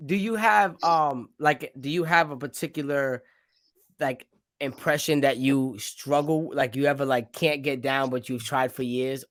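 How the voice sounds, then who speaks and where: A man's voice: mid-range voice, steady tone, fairly bright tone, dry recording, studio quality. A man from Rhode Island with a New York accent, hosting a podcast in a loose, chatty interview style. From Providence, Rhode Island, USA. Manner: loose and chatty, peppers talk with "facts, man" and quick laughs. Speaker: podcast host. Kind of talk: casual interview chat.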